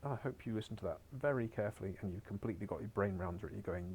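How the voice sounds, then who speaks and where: A man's voice: lowish voice, fast talker, a little mellow, slight background noise. A man teaching a beginners' Spanish lesson on a recorded screen share, chatty and encouraging with wry asides.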